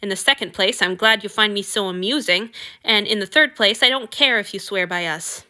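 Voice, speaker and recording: A woman's voice: medium pitch, a little fast, bright, forceful tone. A woman voicing a refined, commanding male god who speaks in a dry, weary, cold manner.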